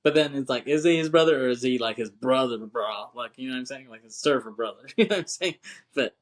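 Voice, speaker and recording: A man's voice: mid-range voice, fast. A man co-hosting a podcast, chatting casually about a film in a laid-back, slangy way, swearing and laughing often. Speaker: podcast co-host.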